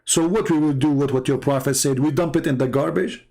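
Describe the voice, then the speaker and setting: Combative man, rather high voice. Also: fairly even intonation, vocal fry, warm tone. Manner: mocking, argumentative, rapid-fire rhetorical questions. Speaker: livestream debate host. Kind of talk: combative livestream commentary.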